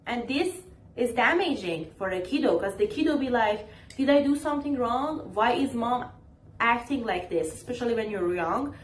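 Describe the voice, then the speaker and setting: A woman's voice: fairly high pitch, lively intonation, normal speed, a little hiss or hum. Exasperated, ranting woman vlogger. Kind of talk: casual talking-to-camera commentary. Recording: roomy echo, faint ambience.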